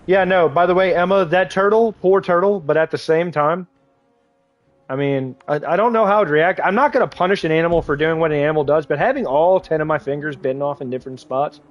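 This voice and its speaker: Young male gaming streamer, slightly high voice, loose and profane, rambling anecdotes. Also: brisk, no room sound, highs cut off. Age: young adult. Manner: rambling storyteller, swears freely, many fillers. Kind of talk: casual live-stream chat while playing.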